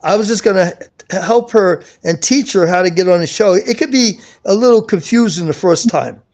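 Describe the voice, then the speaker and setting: A man's voice: high-pitched, moderate pace, a little mellow. A man hosting a live online show, talking casually and insistently, repeating himself and restarting his sentences. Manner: repetitive, insistent, restarts often. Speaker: show host. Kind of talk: casual live-stream chat.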